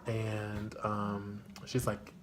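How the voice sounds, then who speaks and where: A young man telling a casual storytime vlog, slangy and full of fillers, leaping into a high excited voice when he quotes himself. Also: extremely slow, noisy background. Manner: animated, jumps to high excited pitch when quoting himself; loose slangy chat with many fillers. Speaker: storyteller vlogger.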